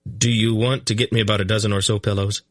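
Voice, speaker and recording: A man's voice: on the low side, level tone, fast, no echo, clean studio sound, close to an everyday voice. Man playing an earnest young king. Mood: firm, anxious. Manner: firm, earnest. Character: young king, protective and impulsive. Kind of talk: audiobook character voice.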